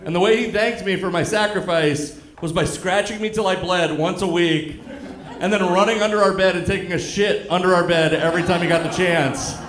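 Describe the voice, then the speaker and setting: A male stand-up comedian telling a story on stage, dry and deadpan, acting out the other people in it. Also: high-pitched, a little fast. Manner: deadpan storytelling with acted-out quotes. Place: comedy club stage with live audience. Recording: echoey live club room.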